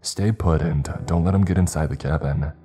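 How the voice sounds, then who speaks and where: A man doing a brisk agency man on the phone. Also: rumbling low, warm tone, husky. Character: calm male agency contact on the phone.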